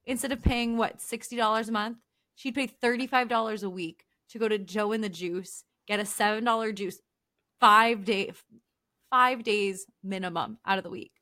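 A woman's voice: mid-range voice, fairly even intonation, normal speed, bright, forceful tone. A young adult woman co-hosting a casual podcast chat, teasing her partner and retelling stories with lots of "like". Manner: teasing, storytelling, filler-heavy. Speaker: podcast co-host.

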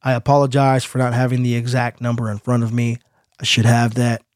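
A man's voice: medium pitch, fairly quick, no echo. A man co-hosting a podcast, chatting casually and telling his stories with animation. His voice sits around the middle of the range, recorded close and dry with no room sound. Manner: animated storyteller, laughs easily. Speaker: podcast co-host.

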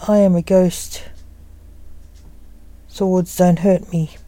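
A woman's voice: on the low side, little pitch movement, very slow, warm tone, dry recording. A woman voicing a mocking, laughing ghost wraith in a read-aloud story. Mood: taunting. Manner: taunting, laughing.

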